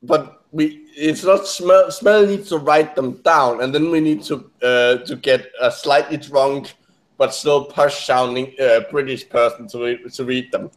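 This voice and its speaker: A man's voice: mid-range voice, fairly even intonation, measured pace. A man chatting casually in a group talk, rambling and stumbling over his words. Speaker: podcast co-host.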